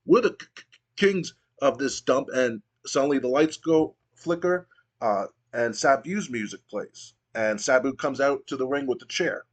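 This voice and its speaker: A man narrating his wrestling sim playthrough in a casual, play-by-play way. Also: medium pitch. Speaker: gaming video host.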